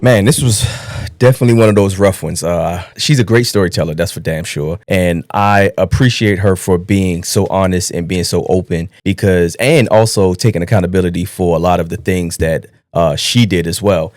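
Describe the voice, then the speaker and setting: A man with a very deep voice hosts a live show, reflecting in a halting way with plenty of "uh" and restarts. His sound is dry and close to the mic. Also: steady tone, a little mellow, dry recording. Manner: reflective, hesitant, many fillers. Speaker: host.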